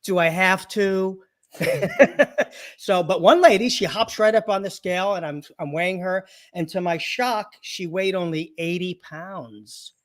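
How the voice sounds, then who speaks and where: Male guest, high voice, comic storyteller doing patient impressions. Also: animated, measured pace. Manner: jokey anecdotes, acts out patients' voices, laughs often. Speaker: guest, chiropractor and comedian. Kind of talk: storytelling interview.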